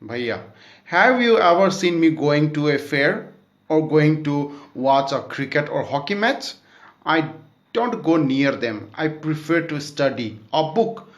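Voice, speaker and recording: A man's voice: on the high side, sing-song, unhurried, echoey room. A man reading the part of a stern, studious elder brother who scolds and lectures his younger sibling. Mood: scolding.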